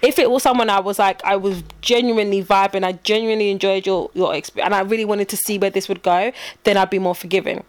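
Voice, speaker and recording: Young woman, halting storyteller, casual podcast chat, mid-pitched voice. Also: fairly even intonation, dry recording. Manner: storytelling, halting, laughs often.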